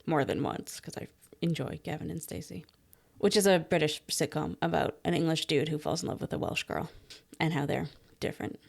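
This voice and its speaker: Woman, podcast co-host, casual chat, opinionated, talkative, slightly low voice. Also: brisk, gravelly. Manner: chatty and opinionated, explains at length.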